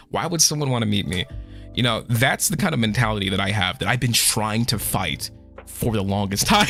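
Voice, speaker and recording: A man's voice: medium pitch, lively intonation, moderate pace, sharp tone, faint music behind. A man streaming a casual chat with his viewers, emotional and swearing often, choked up and holding back tears. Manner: emotional, swears a lot, trails off and restarts. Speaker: VTuber streamer.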